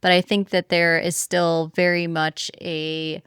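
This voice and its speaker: A woman's voice: lowish voice, level tone, measured pace, fairly bright tone, clear, resonant tone, no echo, studio quality. A woman co-hosting a book podcast, chatting frankly and casually, swearing now and then. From Florida, US. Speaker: podcast co-host. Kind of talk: casual chat.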